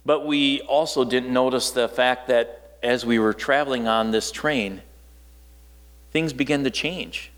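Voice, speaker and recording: A man from northern Wisconsin delivers a sermon like he's telling a story to friends. His voice sits at a middle pitch and sinks low and soft on key points, with a long reverb trailing behind it. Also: unhurried. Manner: storytelling, conversational, dropping low and quiet for emphasis. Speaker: preacher.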